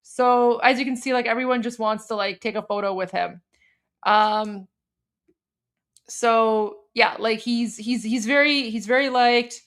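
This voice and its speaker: A woman's voice: fairly high pitch, unhurried, a bit bright. A woman from Iran hosting a casual livestream, talking loosely with lots of fillers and restarts as she explains a meme. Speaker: host.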